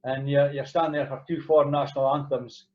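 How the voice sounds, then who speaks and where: A man's voice: mid-range voice, flat delivery, fairly quick. A man hosting a casual chat, a former referee speaking modestly with frequent restarts. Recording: dull lo-fi audio.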